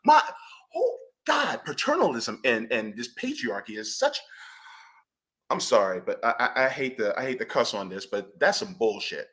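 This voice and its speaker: A man speaking on a panel discussion over a video call, animated and indignant, with loud outbursts and quiet asides. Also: mid-range voice, normal speed.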